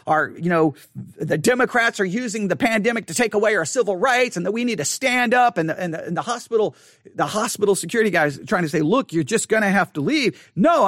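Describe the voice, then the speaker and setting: A middle-aged man with a notably high-pitched voice tells a story in a casual, rambling monologue. He gets animated, acting out people's lines and building nearly to a shout when he is exasperated. The sound is dry, with almost no room echo. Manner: animated, acts out quotes, rises to near shouting when exasperated.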